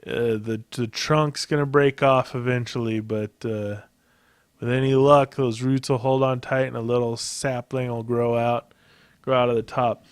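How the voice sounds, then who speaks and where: Male podcast host, smooth resonant voice, unhurried, profane, self-amused rambler. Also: mid-range voice, a little mellow, dry recording, studio quality. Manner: rambling, profane, laughs often at himself. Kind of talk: casual solo podcast monologue.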